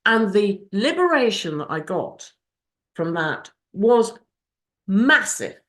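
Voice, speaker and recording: A woman's voice: medium pitch, big pitch swings, takes it slowly, a bit bright. A middle-aged woman giving a candid, emotional recovery share over a video call, swearing freely. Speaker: speaker at a recovery fellowship meeting.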